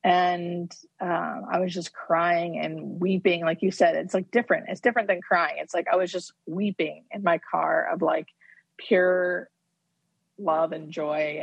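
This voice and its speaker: A woman hospice nurse, a podcast guest, telling a personal story in a halting, animated way with many fillers. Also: low-pitched, gravelly, husky, dry recording, muffled recording. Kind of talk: casual podcast conversation.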